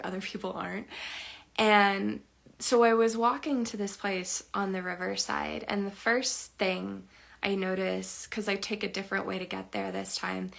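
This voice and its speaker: A woman's voice: mid-range voice, creaky, fairly bright tone. A young woman sharing a personal story in a chatty, emotional way, full of fillers. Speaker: spiritual teacher.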